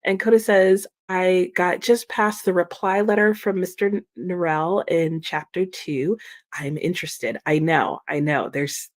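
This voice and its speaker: A woman's voice: lowish voice, fairly even intonation, unhurried. Woman, live-stream host, casual, giggly, a bit sleepy, chatting with viewers. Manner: chatty, giggly, reads comments aloud and answers viewers. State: sleepy, slow-brained morning. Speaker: book streamer hosting a live reading chat. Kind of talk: casual live-stream chat reading out comments.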